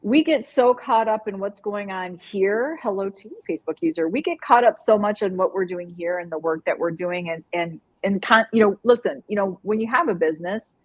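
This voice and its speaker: A woman co-hosts a casual live-stream chat, her voice soft and breathy. She talks in a lively, rambling way and breaks into laughter often. Her pitch sits in an ordinary middle range. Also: fairly quick, hardly any pauses, low-quality recording. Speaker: co-host.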